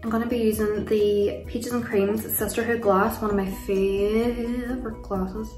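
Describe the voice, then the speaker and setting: Over music, a chatty Irish beauty vlogger speaks in a roomy space, her mid-range voice unhurried and showing little pitch movement. She rambles, gushes over products and laughs a lot during a casual makeup tutorial and Q&A. She's at home with kids nearby, and the distant recording sounds roomy.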